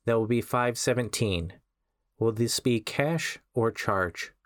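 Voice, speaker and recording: A man voicing an emotionless young female barista who speaks in a deadpan, flat monotone. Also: medium pitch, slow, no room sound, studio quality, lightly acted.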